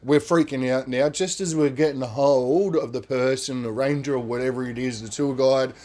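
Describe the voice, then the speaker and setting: A man on a podcast, telling a story in a casual, animated way, swearing freely and tagging lines with "man" and "right?". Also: mid-range voice, moderate pace.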